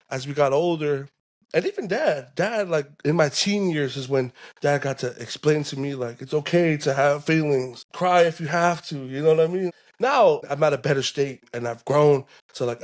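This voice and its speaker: Slangy young male podcast host. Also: a little high. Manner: laid-back, heavy on fillers and slang. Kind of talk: casual podcast chat.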